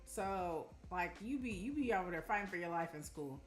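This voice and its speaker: A young woman from Arizona chatting casually with her live-stream audience, telling animated stories and calling them y'all. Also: lowish voice, moderate pace. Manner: chatty, animated storytelling, addresses chat as y'all. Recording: roomy room with faint music.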